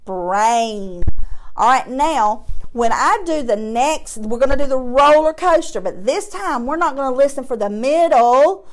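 A woman teaching a phonics lesson to young children, drawing out each sound slowly and patiently, with encouraging praise. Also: high voice, expressive. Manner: slow, drawn-out sounding of word parts; encouraging, patient classroom delivery.

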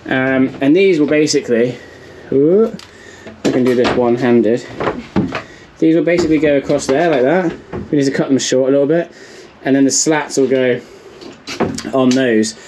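A man's voice: mid-range voice, fairly even intonation, normal speed, pauses often, noisy background. An English man narrating a casual vlog as he works, chatty and full of ums and likes. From England. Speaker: vlogger.

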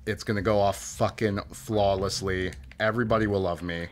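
A man streaming a game live, joking and swearing through his commentary with sudden loud outbursts. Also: fairly low pitch, steady tone, moderate pace. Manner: jokey, swearing, bursts into loud silly outbursts.

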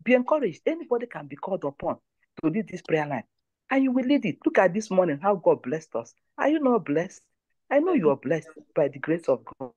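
A woman's voice: fairly low pitch, very animated, a little fast, mellow, dry recording, dull audio. A woman leads a prayer line, giving testimony and exhortation in an emphatic, repetitive way. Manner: emphatic, repeats phrases.

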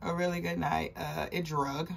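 A woman's voice: sits low, steady tone, moderate pace, gravelly, a little hiss or hum. A young woman vlogger telling a work story in a casual, blunt and profane way.

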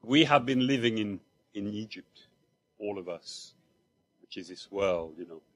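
A man's voice: lowish voice, animated, unhurried, a bit bright, husky. A man from Mauritius, preaching a sermon in church in a conversational storytelling way, with asides to the congregation. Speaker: lay preacher.

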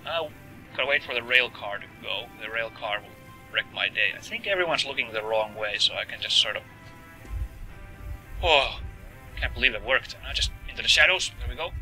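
A man's voice: mid-range voice, low-quality recording. A man commenting as he plays a video game, joking and talking to his viewers. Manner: joking, lively, talks to viewers. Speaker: let's play host. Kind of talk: gameplay commentary.

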